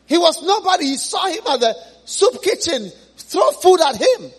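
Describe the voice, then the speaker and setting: A man's voice: very high voice, very animated, normal speed, a bit bright. A man preaching a sermon in a church, retelling a story with dramatic exclamations.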